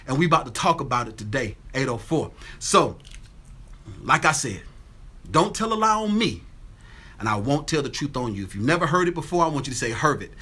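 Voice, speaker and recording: A man's voice: medium pitch, animated, fast talker, bright, forceful tone, breathy edge. A man from Atlanta, hosting a casual livestream from his home on a phone, greeting viewers by name and repeating his catchphrases. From Atlanta, Georgia. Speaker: livestream host. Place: home with windows open.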